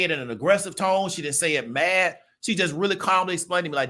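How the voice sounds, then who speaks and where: High-voiced man telling stories casually. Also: fast, bright, forceful tone. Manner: conversational, peppers talk with "right?" and "you feel me?". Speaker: channel host. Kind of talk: casual storytelling monologue.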